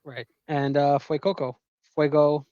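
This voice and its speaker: A man's voice: on the high side, little pitch movement, measured pace, mellow, no room sound. Man, 30s, podcast co-host, joking storyteller, dry close sound, slightly dull. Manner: joking, laughs and swears while telling stories. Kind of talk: casual chat.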